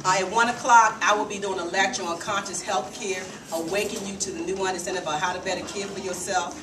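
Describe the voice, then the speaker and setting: A woman briskly announcing upcoming lectures and panels at a meeting. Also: medium pitch, steady tone. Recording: echoey hall, distant mic, background noise.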